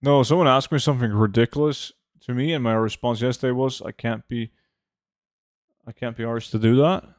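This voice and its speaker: A man, streaming a game and chatting casually with viewers, relaxed and full of fillers. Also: mid-range voice, fairly quick, dry recording. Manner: relaxed, answers chat with many fillers. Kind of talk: casual live-stream chat.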